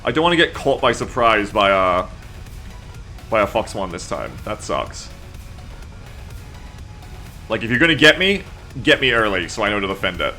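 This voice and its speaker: A man's voice: on the low side, sing-song, moderate pace, long pauses, bright, forceful tone, soft background music. A man in his thirties from Australia with a blended, lightly Australian Anglosphere accent, chatting casually and rambling on a gaming stream, swearing now and then and reading chat aloud. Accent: mixed Anglosphere, mildly Australian.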